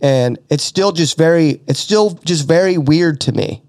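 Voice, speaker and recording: Brief: middle-aged male podcast host, slightly high voice, dry close sound, earnest and emotional, stumbles and restarts. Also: unhurried, creaky, darkish tone, no echo. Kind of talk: casual faith talk.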